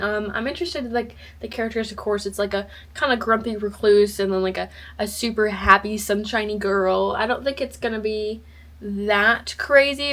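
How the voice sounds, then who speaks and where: A woman's voice: mid-range voice, fairly bright tone. A young woman chatting casually in a book vlog, bubbly and rambling, with many fillers and restarts. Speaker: book vlogger. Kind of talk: casual chat.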